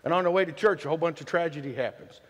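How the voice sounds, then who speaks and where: A man preaching in a church with a high, ringing voice that trails off into a long reverb. He works the congregation with repeated questions, lively and preachy. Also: very fast, dull audio. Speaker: pastor. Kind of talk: sermon. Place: church sanctuary.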